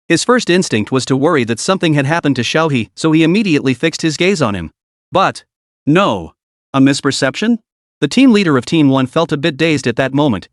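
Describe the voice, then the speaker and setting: A man narrating a web novel audiobook with lively, dramatic storytelling. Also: fairly high pitch, dry recording, studio quality.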